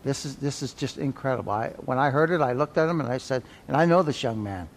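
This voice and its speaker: A man's voice: mid-range voice, expressive, fast, creaky, long reverb tail, slight background noise. A man teaching a Sunday school Bible class in a folksy, conversational way, repeating key phrases and checking in with "right?".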